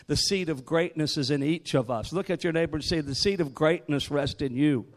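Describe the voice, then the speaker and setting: A man's voice: fairly high pitch, fairly quick. A man preaching a sermon, moving from joking asides to rising call-and-response exhortation. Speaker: guest preacher.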